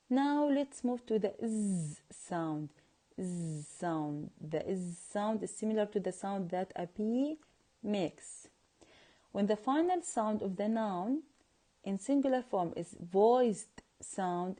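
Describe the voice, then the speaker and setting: A woman's voice: mid-range voice, lively intonation, slow pace, warm tone. A woman who speaks Arabic as her first language teaches English pronunciation in a recorded lesson, drilling example words and asking and answering her own questions.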